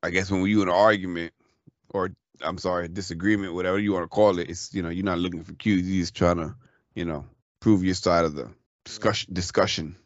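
A man's voice: deep voice, steady tone, a little fast, dry recording, dull audio. A man in a casual conversation, telling candid stories, swearing freely and acting out both sides of a dialogue.

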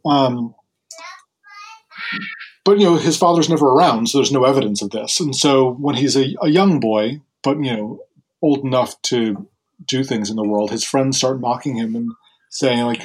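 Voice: mid-range voice, moderate pace, husky, poor audio. A host retelling a Greek myth in casual, chatty conversation, with fillers and laughter. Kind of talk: casual storytelling.

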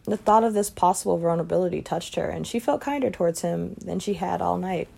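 A woman reading a short story aloud in a calm, even manner. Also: fairly low pitch, fast talker, gravelly, husky. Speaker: reader.

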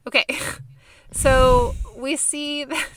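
A woman's voice: high-pitched, flat delivery, takes it slowly, fairly bright tone. A young woman from California co-hosting a podcast, chatting casually with lots of fillers and laughs. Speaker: podcast co-host. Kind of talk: casual chat.

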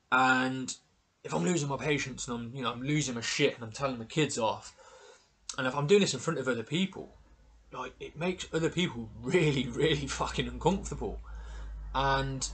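A man's voice: medium pitch, fairly bright tone. Frank man hosting a podcast. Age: adult with children. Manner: frank, candid and self-deprecating, with casual swearing. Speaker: podcast host. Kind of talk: casual solo podcast talk.

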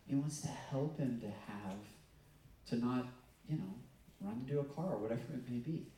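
A man preaching a sermon in a relaxed, talky way, with ums and restarts as he tells stories. His voice sits in a mid pitch and rings out through a very echoey hall. He stands some way back from the mic. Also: moderate pace, slight background noise. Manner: conversational, storytelling with self-corrections and fillers. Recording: echoey room, mic at a distance.

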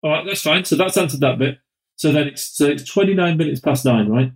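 A man's voice: on the high side, animated, fairly quick, rough recording. A man co-hosting a casual business talk show, teasing his partner with hypothetical scenarios. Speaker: podcast co-host, recruiter. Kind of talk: casual chat.

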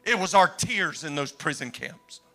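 A man preaching a storytelling sermon, swinging from loud exclamations to hushed retelling and acting out the voices in his story. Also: fairly high pitch, animated, moderate pace, soft background music. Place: church.

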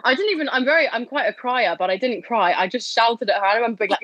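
A young woman telling a personal story as a guest in a casual interview, animated and acting out the voices of others. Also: fairly high pitch, quick pace, few pauses, slightly rough, no echo, muffled recording.

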